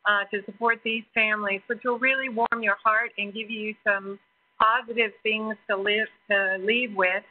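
A woman's voice: mid-range voice, fairly even intonation, normal speed. A woman pediatrician giving a lecture to an audience, earnest and self-deprecating, with frequent fillers. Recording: tinny phone-like recording.

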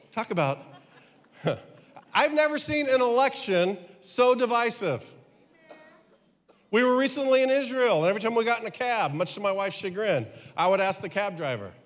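Fifties male pastor, high lively voice, rhetorical sermon style, long church reverb. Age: 50s. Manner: rhetorical questions, emphatic preaching.

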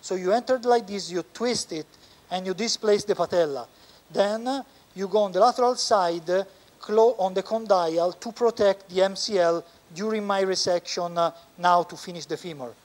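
A man with an Italian accent, a surgeon explaining a knee operation step by step as he works in the operating room, pausing often. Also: sits high. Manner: explains step by step, halting with frequent pauses. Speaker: orthopedic surgeon. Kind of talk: live surgical teaching demonstration.

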